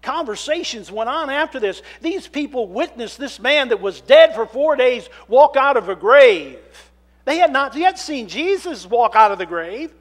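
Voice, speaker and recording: A man preaching a sermon as minister in a church, reading scripture aloud and telling the story with dramatic shifts from hushed to loud. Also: very high-pitched, lively intonation, moderate pace. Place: church sanctuary.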